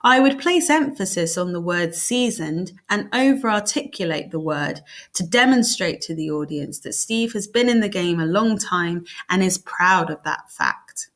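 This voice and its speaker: A woman's voice: on the low side, expressive, unhurried, a bit bright. Methodical British woman teaching drama. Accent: British English. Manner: methodical, explains step by step. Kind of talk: exam technique lesson.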